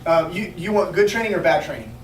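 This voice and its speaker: A high-voiced man rattles off quick, upbeat coaching to a group, keeps asking whether it makes sense. He is picked up from a distance in a roomy space with faint noise behind him. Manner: energetic, fast, coaching with repeated check-ins. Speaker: sales trainer. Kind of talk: training talk to a small group. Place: restaurant meeting room.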